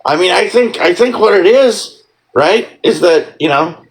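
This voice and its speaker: A man's voice: high-pitched, lively intonation, measured pace, breathy edge, low-quality recording. A man in a casual ranting monologue, sarcastic and profane, rambling with lots of fillers and mock-scolding.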